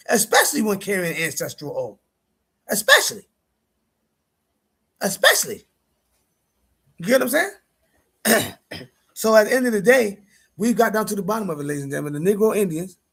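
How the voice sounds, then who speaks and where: Man, high voice, gravelly, husky, casual livestream talk, emphatic and repetitive. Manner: repetitive, emphatic, conversational with slang. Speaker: streamer host.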